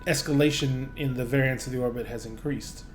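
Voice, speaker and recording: A man's voice: medium pitch, fairly even intonation, brisk, soft background music, lightly acted. A man doing a grave old gnome scholar. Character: older male gnome scholar, measured and cautious.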